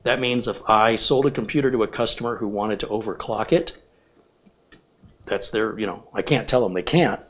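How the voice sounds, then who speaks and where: Low-voiced man walking through a PC build. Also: moderate pace. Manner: plain-spoken, firm opinions, explains step by step. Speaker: computer technician host. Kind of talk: hands-on build tutorial.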